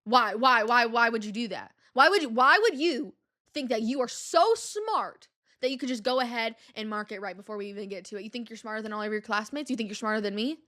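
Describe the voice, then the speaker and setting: A woman voicing a mean, scolding female grade-school staff member who fires off rapid, badgering questions. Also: on the high side, animated, pushed and bright.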